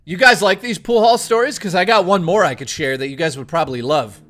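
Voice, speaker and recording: A man streaming from home, telling a long anecdote to his chat in a casual, profane, lively way. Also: sits high, fairly quick.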